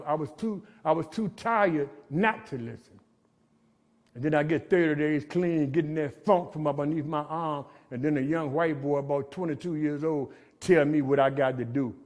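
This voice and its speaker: A middle-aged man tells his recovery story at a jail gathering, giving a motivational talk in street slang and finishing lines with "man." His voice is a little high and a bit bright.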